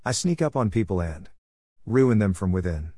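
A man's voice: on the low side, very animated, normal speed, warm tone, slightly rough, no room sound, studio quality. A man voicing a scheming, boastful male affliction spirit who mocks and gloats in a storybook tale. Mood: gloating.

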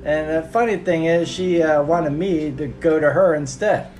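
A man's voice: fairly high pitch, normal speed, over music. A man telling a crude comic anecdote in a rambling way full of fillers. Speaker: podcast co-host and impressionist. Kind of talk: casual storytelling.

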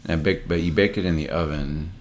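A man's voice: very deep voice, steady tone, fast talker, a little hiss or hum. A man in casual chat, laid-back with dry remarks.

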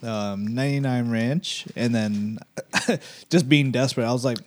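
A man's voice: mid-range voice, a little slow. A man co-hosting a casual podcast, easygoing and laughing often. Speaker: podcast co-host. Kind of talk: casual chat.

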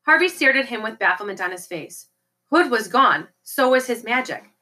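A woman reading a novel aloud as an audiobook, in a steady storytelling manner. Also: a little high, moderate pace, poor audio. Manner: steady storytelling with occasional slips and restarts. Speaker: audiobook reader.

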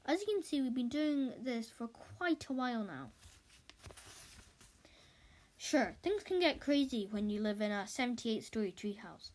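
Woman narrator for a kids' storybook, lively and playful, slightly high. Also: unhurried, long pauses. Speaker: reader of a children's book. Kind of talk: reading a children's story aloud.

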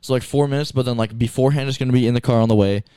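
A man's voice: mid-range voice, steady tone, rapid-fire, mellow, smooth, dry recording, studio quality. A young man in casual chat, rambling with lots of fillers and restarts.

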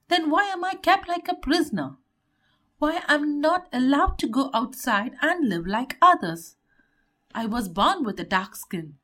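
Woman narrator voicing a young storybook princess, plaintive and pleading, pitched high and lively. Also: exaggerated voice.

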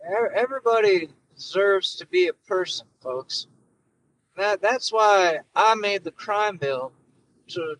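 A man's voice: high voice, fairly bright tone, a little hiss or hum, poor audio. A man putting on a rambling, stammering elderly male politician in a comic impression, recorded in a car through a phone. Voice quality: stammering, repetitive, hoarse-edged. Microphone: phone through car system.

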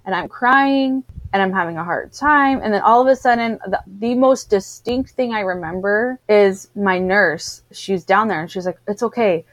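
A woman's voice: medium pitch, normal speed, few pauses, no echo. Woman telling a story, dry close sound. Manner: animated storyteller, acts out what others said. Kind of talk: casual chat, personal birth story.

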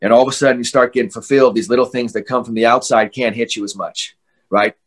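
Fast-talking fired-up man. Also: medium pitch, steady tone, a bit bright. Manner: fast, fired-up, swaggering trash talk with slang. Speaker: mental skills coach, podcast guest. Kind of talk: casual interview talk.

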